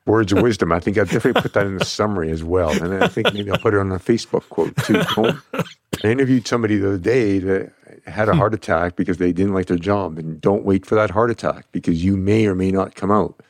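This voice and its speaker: A man's voice: low voice, quick pace, no room sound. A man hosting a podcast interview, affirming and encouraging his guest. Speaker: podcast host.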